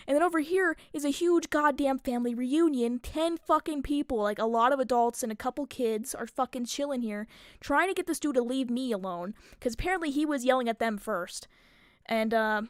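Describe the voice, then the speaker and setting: Young woman streamer, high-ish voice, chatty and foul-mouthed, lots of filler words. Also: no room sound, clean studio sound. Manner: rambling, profane, many filler likes. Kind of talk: casual storytelling.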